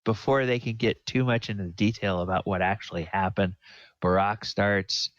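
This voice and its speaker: A man narrating a tabletop game as dungeon master, halting with many fillers. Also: lowish voice, no echo. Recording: dull dry lo-fi recording.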